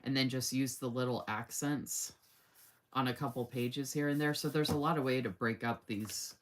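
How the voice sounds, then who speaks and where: A woman speaks in a very deep voice with fairly even intonation at normal speed. She's hosting a casual live stream of planner stickers, gushing with enthusiasm, reading viewer comments aloud, and often saying "oh my gosh."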